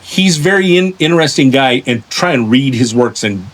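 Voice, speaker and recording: A man hosting a podcast, telling long stories in a lively way, with many restarts and repeated words. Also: medium pitch, moderate pace. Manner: animated storyteller, acts out voices in anecdotes. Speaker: podcast host. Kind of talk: casual interview chat.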